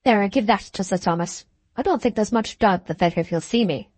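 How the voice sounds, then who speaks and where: A woman's voice: mid-range voice, fairly quick, a little mellow, no room sound, natural voice. A woman narrator voicing a pushy, uncouth middle-aged male stranger who talks in a brash, self-assured way.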